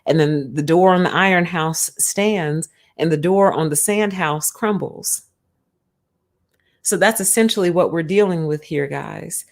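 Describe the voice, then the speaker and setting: Woman, low-pitched, emphatic, conversational, livestream commentary. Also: unhurried. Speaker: streamer. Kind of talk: casual spiritual commentary.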